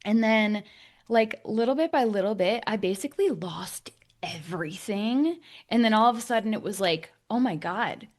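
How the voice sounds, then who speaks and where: Woman, podcast host, casual storyteller; rambling delivery with fillers and hushed drops. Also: a little high, normal speed. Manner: rambling, many restarts and "like", drops to a hush at dark moments.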